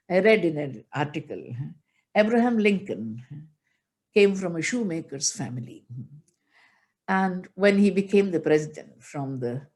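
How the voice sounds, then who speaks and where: A woman's voice: low voice, darkish tone. Older woman spiritual teacher, emotional storytelling sermon, chants scripture. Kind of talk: religious discourse.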